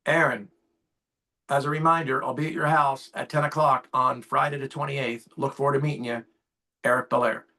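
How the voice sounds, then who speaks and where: A man's voice: medium pitch, steady tone, moderate pace, pushed and bright. A man in his fifties, an insurance sales agent, talking on a call. He gets fired up and acts out both sides of his client calls. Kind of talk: casual call talk. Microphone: call audio.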